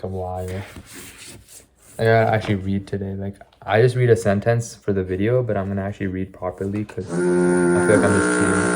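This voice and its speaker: A young man talks to camera in a loose, chatty vlog. His voice sits a little low and sounds mellow and warm. He rattles off tongue twisters, slips, and restarts without fuss. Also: a little hiss or hum. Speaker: vlogger. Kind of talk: casual self-recorded practice vlog.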